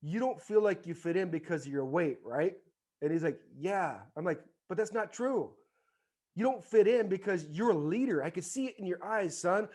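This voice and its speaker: His high voice is expressive and darkish in tone, with a moderate pace. As a podcast guest and former baseball player in his forties, he tells a story casually while animatedly acting out the voices of those in it.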